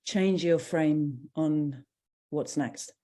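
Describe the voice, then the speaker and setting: A woman's voice: low voice, extremely slow, dark tone. A woman interviewer asking questions in a light, playful conversational manner.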